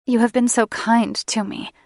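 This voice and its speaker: A woman's voice: a little high, flat delivery, normal speed, dry recording, clean studio sound, pitched above the performer's own voice, lightly acted. A woman narrator voicing a distressed young siren woman who pleads and trembles with emotion in an audiobook. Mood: upset, pleading. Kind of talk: audiobook character reading.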